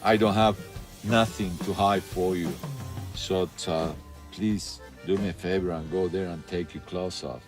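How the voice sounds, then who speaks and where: A man recounting events in a documentary interview, swearing often and telling the story with lively animation. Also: low-pitched, unhurried. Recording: faint music under voice.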